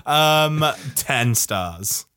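A man's voice: mid-range voice, expressive, extremely slow, sharp tone, a little hiss or hum. A man co-hosts a film podcast in casual conversation. He is chatty and easily amused, and often restarts his sentences as he hunts for words. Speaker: podcast co-host. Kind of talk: casual chat.

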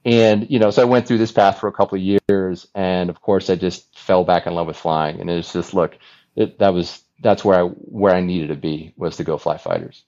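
A man in his forties with a lowish voice tells his story as a podcast guest, earnest and animated, slipping into the voices of people from his past. The recording sounds dull and lo-fi, as if the high end were rolled off. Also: normal speed. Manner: earnest, animated storyteller who often acts out remembered dialogue. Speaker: podcast guest, former Navy fighter pilot. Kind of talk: conversational storytelling.

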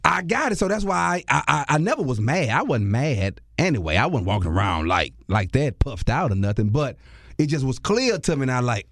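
A man, a comedian and radio host, telling a lively story in a conversational interview, acting out other people's voices with bursts of laughter. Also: medium pitch, brisk, vocal fry, no room sound, clean studio sound.

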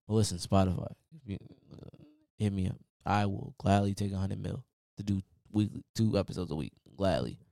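A man with a lowish voice delivers a loose, preachy motivational rant on his solo podcast, leaning on "man" and "y'all." The sound is close and dry, with no room echo. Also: vocal fry, a little mellow. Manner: casual, preachy, repeats "man" often. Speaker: podcast host.

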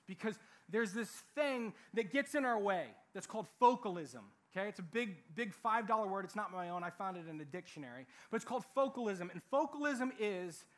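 A young man preaching a sermon in a lively, animated way, acting out what people say. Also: sits high. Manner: animated, acts out quoted voices. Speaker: youth pastor.

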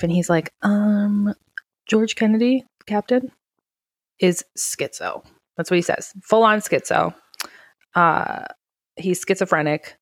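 A woman's voice: on the low side, no echo, clean studio sound. A woman casually recapping a film on a podcast, acting out the characters' lines with plenty of swearing. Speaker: podcast co-host. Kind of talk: casual movie recap chat.

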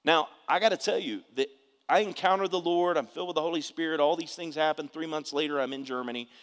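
A pastor preaches a sermon in a reverberant hall, speaking fast in a fairly bright, higher-pitched voice. He shares personal testimony emphatically and calls on the congregation to respond.

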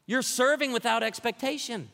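A man preaching a sermon with a high, bright voice that rings through a long reverberant hall. He tells humorous stories and builds to energetic challenges. He sounds like a pastor addressing a congregation. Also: normal speed, vocal fry. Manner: storytelling with humor, rising to energetic exhortation.

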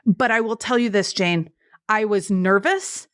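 A woman speaks as a guest on a podcast interview from her home studio. She is a lively storyteller who acts out the voices of the people she quotes. Her pitch sits in an ordinary middle range. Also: unhurried.

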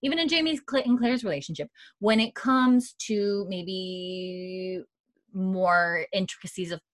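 Animated young woman recapping a show. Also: medium pitch, a little slow, no echo, clean studio sound. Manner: animated storytelling, acting out quotes, laughs often. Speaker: podcast host recapping a TV episode. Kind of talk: casual chat.

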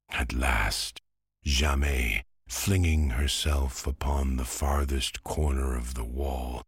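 Man, bedtime story narrator, very slow, gravelly, dry close sound. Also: a bass voice, dry recording. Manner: slow and soft, lulling.

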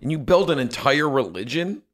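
A man's voice: medium pitch, sing-song, moderate pace, fairly bright tone. A man in his forties co-hosting a podcast, chatting casually in a blunt, opinionated, rambling way. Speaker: podcast co-host. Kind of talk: casual chat.

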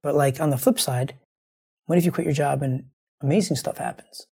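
A man hosts his show through fresh grief, holding back tears. His voice is mellow and dark, with a husky, gravelly fry. He rambles earnestly and circles back to the same phrases. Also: a little high, fairly quick. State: grieving, close to tears. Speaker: show host. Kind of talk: heartfelt monologue to listeners.

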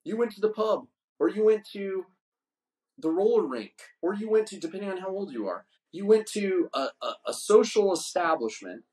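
A man's voice: sits high, lively intonation, normal speed, a little mellow. A man in his fifties hosting a podcast, telling a long, crude, boastful story in casual chat. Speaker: podcast host.

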